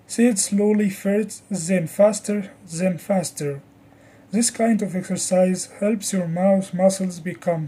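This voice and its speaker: A woman teaching an English pronunciation lesson, saying the example words slowly with careful, exaggerated articulation. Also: medium pitch, mellow, slightly rough. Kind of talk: scripted lesson.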